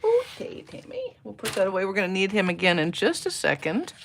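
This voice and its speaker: This American papercraft demonstrator runs a live-stream card-making tutorial, muttering to herself as she crafts and welcoming viewers by name. She speaks briskly at medium pitch, with huge pitch swings and a creaky quality, over heavy background noise.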